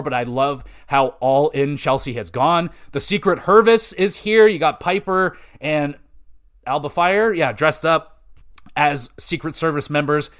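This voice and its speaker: A young man with a fairly high voice hosting a podcast in casual chat. He talks excitedly, rambles and swears freely, leaning on filler words as he goes. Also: clean tone. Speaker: podcast host.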